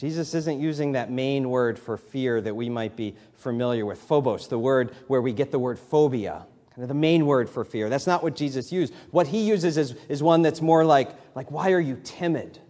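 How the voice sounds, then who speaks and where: A man's voice: mid-range voice, moderate pace, mellow. A man in his thirties preaching a sermon in a conversational way, building to emphatic, rising lines. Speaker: pastor. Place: church sanctuary. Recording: long hall reverb in church.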